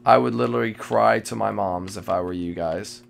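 Man, live gaming commentary, jittery, excitable, repeats himself, heavy vocal fry. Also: fairly low pitch, moderate pace. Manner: jittery and excitable, repeating phrases, with sudden loud outbursts. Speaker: gamer playing a multiplayer survival match.

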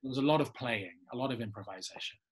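Husky-voiced English actor telling stories. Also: male voice, medium pitch, fast talker. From England. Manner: animated storyteller, laughs often. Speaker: actor guest. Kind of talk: casual interview anecdote.

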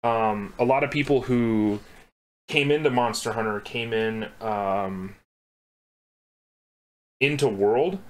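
A man's voice: lowish voice, slow, pauses often. Young male co-host, loose and rambling, casually profane, chatting while he sketches. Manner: rambling, laughing, swears casually. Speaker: podcast co-host. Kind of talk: casual chat while drawing.

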